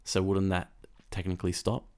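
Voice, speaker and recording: A man in casual conversation who talks quickly, repeating himself and restarting his sentences. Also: low voice, monotone, darkish tone, slight background noise. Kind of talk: casual chat.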